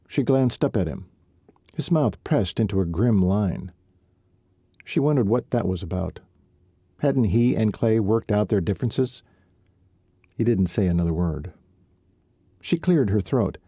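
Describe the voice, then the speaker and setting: Male audiobook narrator, calm storytelling, low voice, mellow husky tone, dry close sound. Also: unhurried, long pauses, no echo, highs cut off. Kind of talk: audiobook narration of a romance novel.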